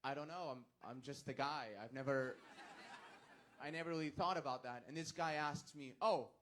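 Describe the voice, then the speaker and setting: A man's voice: mid-range voice, fairly even intonation, moderate pace, fairly bright tone, a little hiss or hum. A man from Portugal doing standup with a dry, hesitant, self-deprecating delivery. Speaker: standup comedian. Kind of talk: standup storytelling. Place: comedy club stage.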